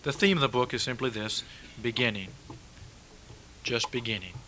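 A man preaching with a bright, forceful tone, pressing his points home with repetition and rhetorical questions. His voice sits in a middle range. A faint hiss runs under the recording. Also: medium pitch, moderate pace, rough recording. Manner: emphatic, repeats key words, rhetorical questions. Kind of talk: sermon.

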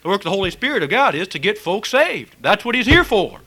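A man's voice: high voice, sing-song, quick pace, pushed and bright. A man preaching a fiery, folksy sermon and reading scripture aloud.

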